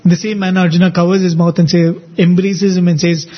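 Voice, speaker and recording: A man's voice: sits high, fairly even intonation, fast, highs cut off. A man narrating an epic story in a podcast chat, voicing the characters' quoted words as he goes.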